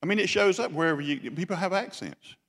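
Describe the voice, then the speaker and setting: A pastor preaches a Sunday sermon in a large church sanctuary, speaking with emphasis, repeating phrases and questioning the congregation. His voice is high-pitched, quick and fairly bright. The hall gives the recording a long echo.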